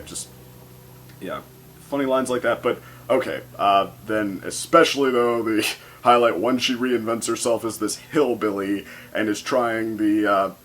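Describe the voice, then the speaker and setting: A man's voice: medium pitch, a bit bright. A man casually reviewing a cartoon episode, rambling and hesitant, often amused.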